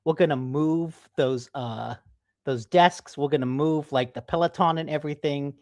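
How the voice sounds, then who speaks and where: A man's voice: a little high, moderate pace, darkish tone, no room sound. Male co-host, casual rambling chat, dry home mic. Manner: rambling, teasing, filler-heavy. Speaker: podcast co-host. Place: home office.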